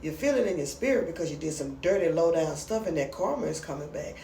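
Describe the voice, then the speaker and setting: A woman chatting casually as she recaps a comedy skit, acting out the lines in lively voices. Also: low voice, quick pace, recorded from a distance, slight background noise. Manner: chatty, retells scenes with animated quoted voices. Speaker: reaction commentator. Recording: roomy sound from off the mic.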